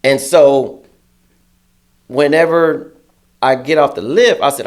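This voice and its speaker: A man's voice: medium pitch, expressive, measured pace, pauses often. A man, an interview guest, telling a story in casual, profane speech and acting out other people's lines in a raised, heated voice. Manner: acts out quotes in a raised, heated voice. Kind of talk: animated storytelling.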